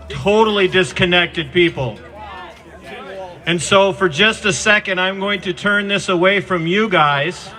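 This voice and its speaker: A man delivers a fervent rally speech outdoors through a handheld microphone. His voice sits high and pushes hard with a tense, forceful edge. A crowd murmurs faintly behind him. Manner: fervent, addresses the governor directly, rises to shouts. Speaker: protest speaker. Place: outdoor street protest.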